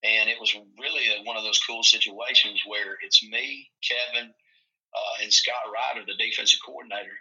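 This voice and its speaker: A man, a coach from Tennessee, telling rambling country stories in a relaxed chat. His voice is bright and forceful, sitting a bit low. The recording is dull and lo-fi. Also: moderate pace. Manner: folksy, rambling, acts out quoted voices. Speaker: football coach. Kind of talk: casual storytelling chat. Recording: muffled lo-fi recording.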